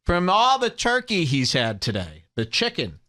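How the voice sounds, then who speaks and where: A man's voice: on the high side, huge pitch swings, measured pace, a bit bright. A man hosting a show, mocking a clip in comedic commentary with laughter and impressions.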